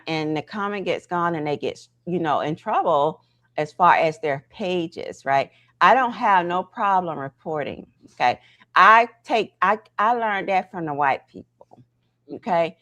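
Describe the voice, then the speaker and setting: A woman hosting a casual livestream, talking straight to her viewers and tagging her points with "right?" and "okay?". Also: on the low side. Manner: animated, talks to chat viewers directly; frequent "right?" and "okay?" tags. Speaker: livestream host.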